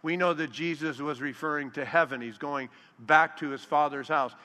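A man preaching a sermon, slowing down to quote scripture and acting out the disciples' voices. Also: a little high, bright, forceful tone. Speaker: pastor. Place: large hall with long reverb. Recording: reverberant hall.

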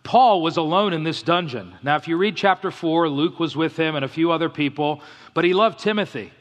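A man's voice: a little high, brisk. A middle-aged man preaching a sermon as pastor, earnest and storytelling, mixing scripture reading with personal stories. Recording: long hall reverb.

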